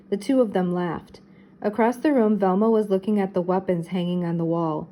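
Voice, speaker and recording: Older woman, teacher, children's book read-aloud, mellow warm tone, steady and expressive. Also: medium pitch, normal speed, a little hiss or hum, rough recording.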